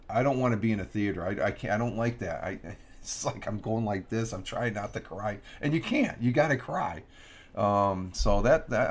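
Low gravelly guy chatting on his morning stream, lots of um and restarts. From Upstate New York. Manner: rambling, many restarts and fillers. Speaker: livestream host. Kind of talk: casual morning chat. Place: home room.

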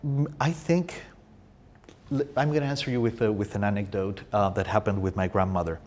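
A man from Spain with a Spanish accent, a poetry translator answering audience questions, with lively storytelling and frequent restarts. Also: lowish voice, fairly quick, slight background noise. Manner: restarts often, animated storytelling. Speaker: poetry translator and guest speaker. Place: university room.

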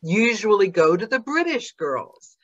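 A woman's voice: mid-range voice, big pitch swings, unhurried, fairly bright tone. Chatty woman host on lo-fi call audio. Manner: chatty, enthusiastic. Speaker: podcast host. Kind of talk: casual chat.

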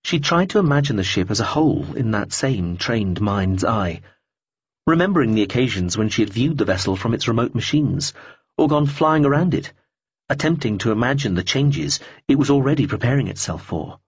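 Husky-voiced male audiobook narrator. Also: medium pitch, dry recording, lo-fi sound. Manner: measured, even reading with vivid description.

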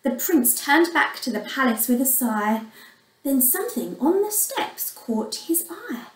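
A woman teacher reads a fairy tale aloud to little children, slow and expressive, with a high, animated voice. She sometimes asks her listeners questions. The recording sounds roomy and echoey. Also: far from the mic, a little hiss or hum. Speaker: primary school teacher. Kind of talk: reading a storybook aloud to young children.

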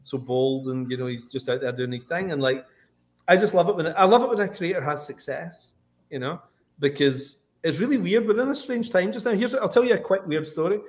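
A man's voice: on the high side, fairly quick. A man with a Scottish accent, a comic book writer rambling through anecdotes on a livestream video call. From Scotland. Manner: rambling, anecdotal, lots of "like" and "you know". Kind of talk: casual livestream chat.

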